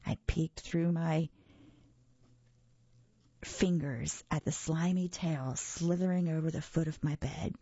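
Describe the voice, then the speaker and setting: Husky low-voiced woman reading a story. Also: slow, long pauses, dry recording, muffled recording. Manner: expressive read-aloud with lively pitch. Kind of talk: children's story read aloud.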